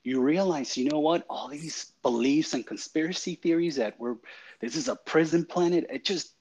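A man's voice: on the high side, normal speed, darkish tone, slightly rough. A man hosting a podcast, chatting with his guest in an earnest, reflective way. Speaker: podcast host. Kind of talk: casual interview chat.

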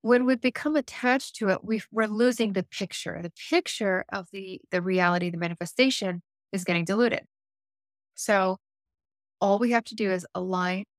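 A woman who works as an intuitive life coach, telling a story in a podcast interview in an animated way and acting out the dialogue. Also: medium pitch, no echo, clean studio sound. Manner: animated, acts out dialogue in her stories; frequent self-restarts and fillers.

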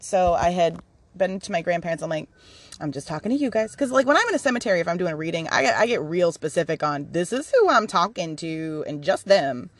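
Woman podcast host, candid chatty monologue, fry in the voice, dry room. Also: lowish voice, dry recording. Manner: candid, swears freely, many fillers and restarts. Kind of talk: casual rambling monologue.

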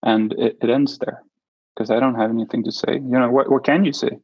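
Man, interview guest, gravelly voice, husky, halting delivery, dull lo-fi dry recording. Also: mid-range voice, fairly even intonation, no room sound. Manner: halting, with many restarts and fillers. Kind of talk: personal storytelling interview.

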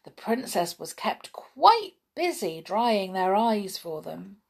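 Woman, storybook reading, slow unhurried pace, lively melodic voice, gentle. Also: medium pitch, vocal fry, slightly rough. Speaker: storybook reader. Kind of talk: children's story read aloud.

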